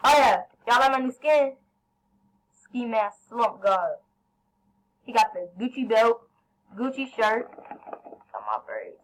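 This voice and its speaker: A woman commentating her own gameplay, excitable, yelling at teammates and then apologizing. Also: a little high, slow pace, long pauses, low-quality recording. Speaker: gaming channel host.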